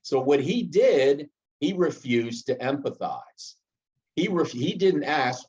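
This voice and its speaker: A man's voice: a little high, sing-song, slow pace, darkish tone, muffled recording. A man giving a leadership lesson in a conversational way, often checking in with "right?" while he tells a story from his work. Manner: conversational, frequent "right?" asides and restarts. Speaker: project management trainer. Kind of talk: instructional talk with personal anecdote.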